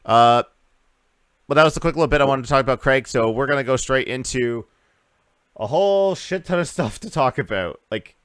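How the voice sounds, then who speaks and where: A man's voice: mid-range voice, lively intonation, brisk, fairly bright tone, clear, resonant tone, dry recording, studio quality. A man hosting a casual gaming podcast, rambling through news with lots of uhs and restarts. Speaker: podcast host.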